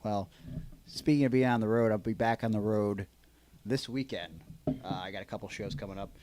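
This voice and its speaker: Low-ish guy voice, podcast host, chatty and loose, hyping his next show. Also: moderate pace, background noise. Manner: chatty, plugs his upcoming shows. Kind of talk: casual podcast chat.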